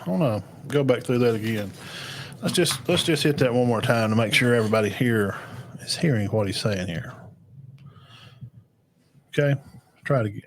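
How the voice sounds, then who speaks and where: A man's voice: medium pitch, moderate pace, pauses often, slight background noise. A middle-aged man hosting a podcast reaction stream, talking casually with many fillers and restarts.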